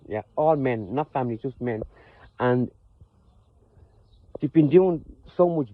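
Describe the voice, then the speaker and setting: A man's voice: a little high, no echo. An Irish man speaking straight to his phone outdoors, thinking aloud in a loose, unscripted monologue. He stumbles, repeats himself and restarts his phrases as he goes. The sound is thin and tinny, like a phone line. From Ireland. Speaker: vlogger. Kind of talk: off-the-cuff personal monologue.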